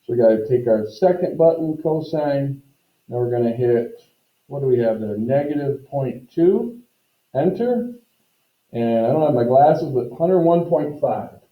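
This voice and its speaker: A male math teacher lectures to his class, walking through each step and speaking straight to the students. He is picked up from a distance in a roomy classroom, and the recording sounds dull and muffled. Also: a little high. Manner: explains step by step, addresses students directly.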